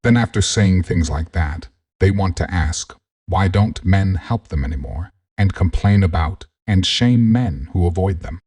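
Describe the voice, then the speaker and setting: A man's voice: low-pitched, expressive, unhurried, darkish tone, breathy edge. A man giving blunt, scornful voice-over commentary between clips. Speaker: commentary channel host.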